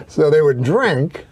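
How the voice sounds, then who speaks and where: A man telling jokes in a rambling, deadpan way, full of "you know" asides, in stand-up and talk show anecdotes. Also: fairly high pitch, slight background noise. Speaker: comedian.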